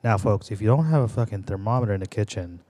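A man's voice: on the low side, fast, mellow. A man co-hosting a podcast in casual, joking chat, swearing freely while giving cooking tips. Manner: profane, joking, gives cooking advice. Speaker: podcast co-host. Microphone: audio interface.

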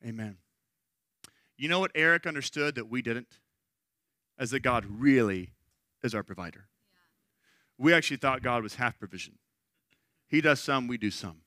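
A man's voice: medium pitch, expressive, normal speed, pauses often, pushed and bright, no echo. A middle-aged man preaching a sermon, talking in a conversational storytelling way and checking in with "right?". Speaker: pastor.

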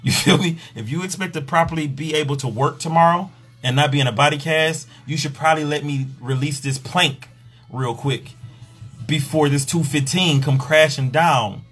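Husky, slightly high-voiced man; profane, exasperated comic rant. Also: moderate pace, fairly bright tone, faint music behind. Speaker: sexologist and pleasure coach. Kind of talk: comedic rant on a podcast.

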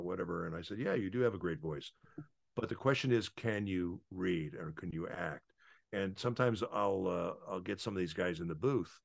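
A man, a voice actor, rambles through anecdotes in casual interview chat, with many filler pauses. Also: sits low, vocal fry. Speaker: voice actor guest.

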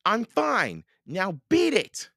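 Man doing a little girl, storybook, very high pitch, feisty, defiant. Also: wildly swooping pitch, slow pace, gravelly, a bit bright, dry recording, clean studio sound, full character voice. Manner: bold, defiant. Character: feisty spirited young girl.

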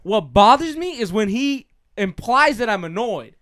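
A man's voice: high-pitched, big pitch swings, normal speed, a bit bright, slight background noise. A young man chatting casually as a podcast co-host, rambling with lots of fillers and swearing. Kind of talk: casual chat between friends.

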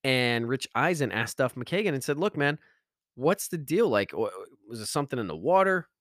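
A man's voice: mid-range voice, very animated, moderate pace, a bit bright, dry recording, studio quality. A middle-aged man hosting a motivational podcast monologue, talking emphatically and repeating phrases for effect. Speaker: podcast host.

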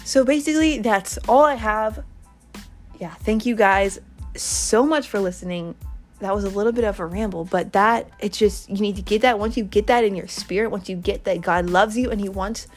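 A woman preaching to her online listeners in a casual, earnest way, circling back over the same points and leading them in prayer. Her voice sits at an ordinary middle pitch. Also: normal speed, faint music behind. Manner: earnest, repetitive, rambling exhortation.

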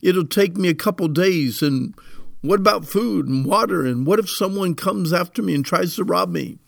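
A man's voice: high-pitched, moderate pace, vocal fry, dry recording, studio quality, pitched above the performer's own voice. A man putting on the voice of a whining teenage boy who pleads and complains to his father. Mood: whiny pleading.

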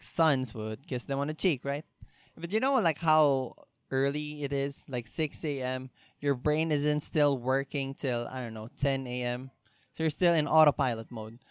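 Young Filipino guy, loose and profane, talks a bit high and smooth, laughs at his own stories. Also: no room sound, clean studio sound. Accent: Filipino English. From Philippines. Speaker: podcast host. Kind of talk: casual comedic monologue.

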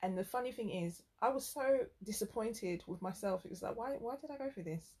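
Animated woman telling a story. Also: medium pitch, brisk. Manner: animated storytelling, frank and exasperated. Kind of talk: casual chat.

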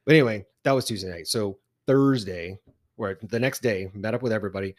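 Man, casual podcast chat, low voice, rambling storyteller. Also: brisk. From Texas. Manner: rambling storyteller, restarts and asides. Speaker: podcast co-host.

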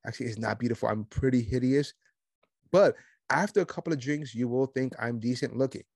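A man's voice: mid-range voice, fairly quick, vocal fry, a little mellow, husky, dry recording. A man from Puerto Rico hosting a podcast, giving blunt, indignant commentary with self-mocking asides. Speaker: podcast host. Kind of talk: opinionated commentary.

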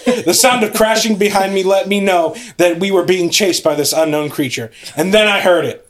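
Man, podcast host, theatrical spooky story reading, slightly higher voice, builds suspense. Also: normal speed, few pauses, a crowd in the background.

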